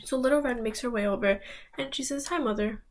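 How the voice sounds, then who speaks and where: A young woman student telling a fairy tale aloud, speaking to her listeners with dramatic pauses. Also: high voice, a little hiss or hum, rough recording. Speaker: student storyteller. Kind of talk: oral fairy-tale storytelling.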